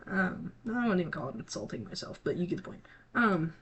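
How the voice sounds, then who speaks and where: A teenage gaming creator talking casually to viewers, halting and scattered, with many restarts and trailing thoughts. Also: mid-range voice, animated, breathy edge. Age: teens. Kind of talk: casual rambling talk to viewers.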